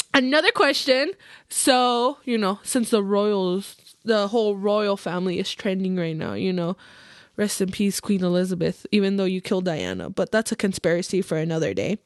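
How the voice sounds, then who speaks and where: A young woman hosting a podcast, chatting casually about her work as a hairstylist, animated and mixing in Spanish phrases. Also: medium pitch, unhurried, dry recording, studio quality. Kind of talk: casual chat.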